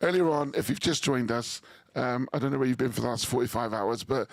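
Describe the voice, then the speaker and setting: A man's voice: mid-range voice, fairly quick, no room sound. A man in his forties, a sleep-deprived radio presenter, teasing and laughing through casual banter in a studio. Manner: jokey, teasing, laughs often. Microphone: studio microphone.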